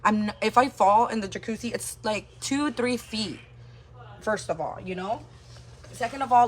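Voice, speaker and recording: A woman's voice: on the high side, normal speed, a little hiss or hum. Rambling woman telling a story. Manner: rambling, heavy on filler words. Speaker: livestream host telling a story. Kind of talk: casual storytelling.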